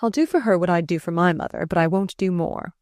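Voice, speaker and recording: A woman voicing a charming, flustered gentleman who speaks to a child fondly and teasingly but uneasily, in an audiobook. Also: fairly low pitch, quick pace, dry recording, studio quality, close to an everyday voice.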